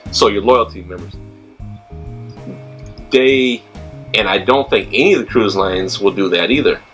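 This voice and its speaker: A man's voice: fairly low pitch, unhurried, a bit bright, faint music behind, rough recording. A man hosting a casual travel chat, talking loosely with many fillers and restarts. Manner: chatty, filler-heavy, restarts often. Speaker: host.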